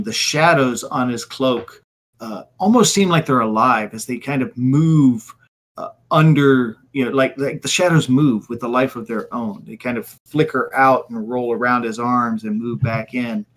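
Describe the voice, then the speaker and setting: A man's voice: mid-range voice, normal speed, a bit bright. A man narrating as game master, vividly describing scenes with occasional fillers.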